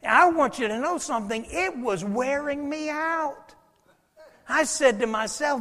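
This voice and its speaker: A man preaching a sermon, telling stories animatedly and swinging from loud passages to hushed ones. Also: very high voice, animated, unhurried. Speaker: pastor. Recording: long hall reverb.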